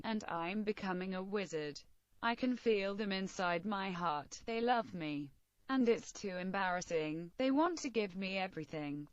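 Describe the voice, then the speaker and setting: A woman's voice: mid-range voice, no echo. A woman narrating a first-person story in an earnest, intense manner. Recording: dry, slightly muffled recording.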